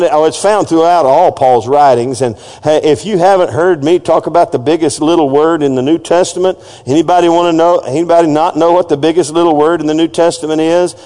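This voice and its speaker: A pastor delivering an emphatic sermon, often calling on the congregation to repeat phrases after him. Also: male voice, on the high side, a little mellow. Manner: call-and-response, urging the congregation to repeat phrases; emphatic preaching with frequent asides and restarts. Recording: long reverb of a church hall.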